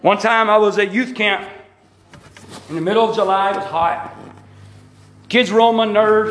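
An older man preaching a testimony sermon, his voice pitched unusually high for a man. His words boom around a very echoey church hall, and he builds from quiet storytelling into shouted praise. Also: a little hiss or hum. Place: church sanctuary.

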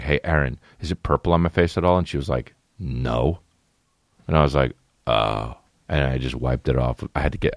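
A young man hosting a podcast, telling rambling, profane stories in a casual comic way with animated bursts. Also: extremely low pitch, dry recording, studio quality. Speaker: podcast host. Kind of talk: casual comedic storytelling.

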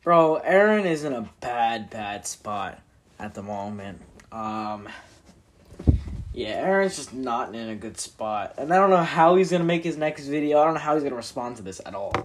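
A man's voice: medium pitch, big pitch swings, normal speed, a little hiss or hum. A man giving casual reaction commentary in a hesitant, filler-heavy way. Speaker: reaction channel host.

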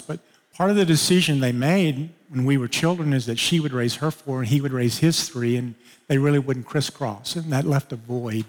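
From the pulpit, a pastor weaves a personal story into his sermon, acting out the dialogue. His pitch leaps sharply up for his own protests and drops to a hushed, low tone for quieter lines, with a long reverb tail behind him.

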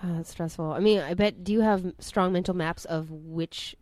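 A woman's voice: fairly low pitch, fairly even intonation, normal speed, darkish tone, dry recording. A woman hosting a podcast, asking curious, empathetic questions in casual conversation. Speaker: podcast host. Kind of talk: casual interview.

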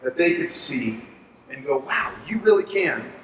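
A man leading a Bible study for ministry leaders, talking in an animated, conversational way and asking the group to agree. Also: fairly high pitch, measured pace, slight background noise. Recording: echoey room, far from mic.

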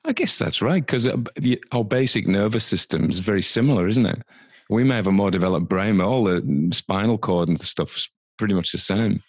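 A man's voice: lowish voice, brisk, no echo, clean studio sound. A man guesting on a podcast as a psychiatric nurse, talking casually in an easygoing, agreeable way. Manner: easygoing, agreeable, frequent chuckles. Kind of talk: casual conversational chat.

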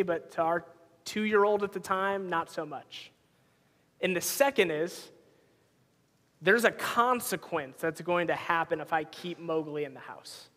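Pastor, male, 30s, high voice, conversational sermon, long reverb. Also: fairly bright tone. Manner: conversational, storytelling with personal anecdotes.

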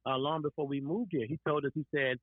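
A man tells his faith story earnestly, often restarting his sentences. His voice sits a bit high. The sound is dry and narrow, like a phone line. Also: fairly even intonation, fast, dry recording. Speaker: guest sharing testimony. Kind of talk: faith podcast conversation.

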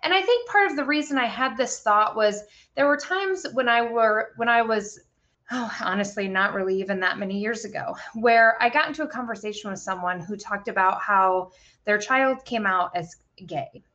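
Talking a parenting book through on a podcast, a woman in her thirties is candid and swears freely in casual book-club fashion. Her fairly high voice has a sharp tone at a moderate pace, and the highs are cut off.

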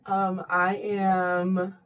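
A woman in her twenties from Northern California, guesting on a podcast, chatting in a relaxed way with frequent fillers. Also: mid-range voice, drawn-out words, recorded from a distance, narrow, tinny audio. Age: 20s. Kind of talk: casual chat.

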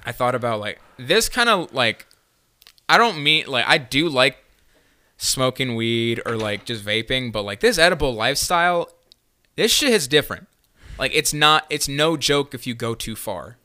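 A man's voice: mid-range voice, lively intonation, moderate pace, bright, forceful tone, clean tone, no room sound. A young man telling a long story on a casual podcast, rambling with lots of fillers and swearing. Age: young adult. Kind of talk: casual chat.

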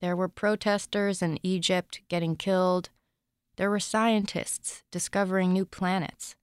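A woman reads her own short story in a calm, deadpan literary reading. Her voice is low and smooth. The sound is close and dry, with no room around it. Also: a little slow, no room sound.

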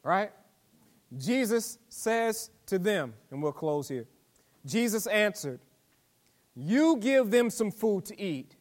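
Pastor guy preaching, kinda high voice, folksy talk, gets loud and emphatic. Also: very animated, slow, long pauses. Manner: preaching with call-and-response asides and rising emphatic delivery; folksy vernacular speech. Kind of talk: sermon.

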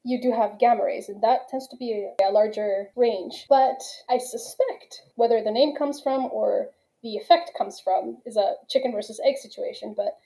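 Patient female expert, warm dark tone, slightly higher pitch. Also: moderate pace, creaky, hardly any pauses, poor audio. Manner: patient, explains step by step with analogies. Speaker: guest expert, nuclear physicist. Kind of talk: casual explanatory podcast talk.

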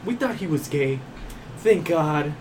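A man's voice: fairly high pitch, lively intonation, a little slow, a little mellow. A man telling a funny first-date story to friends, teasing and laughing a lot. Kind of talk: casual storytelling among friends. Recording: distant mic with background noise.

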